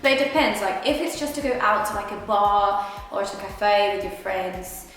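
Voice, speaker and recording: A woman's voice: mid-range voice, normal speed, a bit bright. A young woman from Surrey, England, chatting casually and rambling as she eats on camera. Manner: chatty, rambling, thinks aloud. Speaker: vlogger. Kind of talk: casual chat while eating. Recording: very echoey room, long reverb, faint music.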